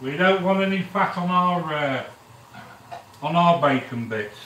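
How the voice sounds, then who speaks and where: A chatty middle-aged cooking channel host runs a live stream from his home kitchen, talking straight to viewers and giving shout-outs as he works at the cooker. His bright, lively, swooping voice sits on the high side at a measured pace. He's heard off-mic and far away in the echoey room, with background noise and a quiet sizzle of frying.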